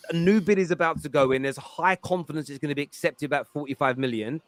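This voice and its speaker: Fast-talking, jokey man host. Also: on the high side. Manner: jokey, playful, quick patter. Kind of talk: casual panel chat.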